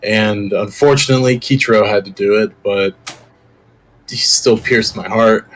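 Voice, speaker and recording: A man's voice: fairly low pitch, moderate pace, a little hiss or hum, natural voice, low-quality recording. A man voicing a blunt, swearing mercenary raised from the dead, speaking in character during a tabletop game. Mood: earnest. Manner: blunt, cursing, deadpan. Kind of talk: tabletop role-play in character.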